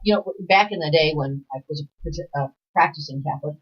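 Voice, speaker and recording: Rambling, laughing woman host, husky voice. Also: low-pitched, fairly quick. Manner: rambling storyteller, laughs often, acts out voices in quotes. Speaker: talk show host. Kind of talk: casual chat, telling a joke story. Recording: dull lo-fi public access TV audio.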